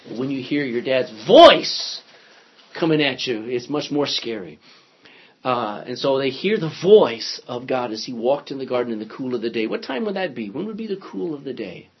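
Husky-voiced man teaching a Bible class. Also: medium pitch, lively intonation, normal speed. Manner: reads scripture aloud, asks the class questions. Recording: dull lo-fi sound.

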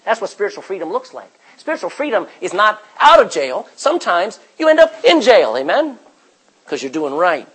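Husky man preaching, loud then hushed. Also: sits high, very animated, normal speed, poor audio. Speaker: pastor. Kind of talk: sermon.

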